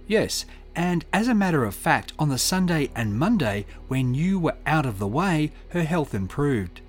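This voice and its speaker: A man's voice: fairly high pitch, sing-song, moderate pace, soft background music. Man voicing a stern prosecuting barrister. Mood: pressing. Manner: pointed, pressing questions. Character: stern male prosecuting barrister, cross-examining.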